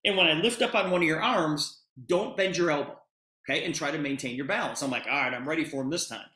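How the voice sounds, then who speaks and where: A man's voice: fairly high pitch, fast talker, sharp tone, roomy sound. A man giving a sales presentation, retelling a conversation with lots of quoted dialogue. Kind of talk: storytelling sales pitch.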